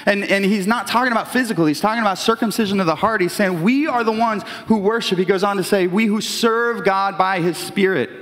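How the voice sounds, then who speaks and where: A man preaches to a congregation in a loose, chatty style, stumbling and restarting as he goes. His voice sits a little high for a man. The sound rings with the long reverb of a large church hall. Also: brisk, few pauses, fairly bright tone. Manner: conversational preaching with many restarts, voices imagined characters. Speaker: pastor. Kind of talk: sermon.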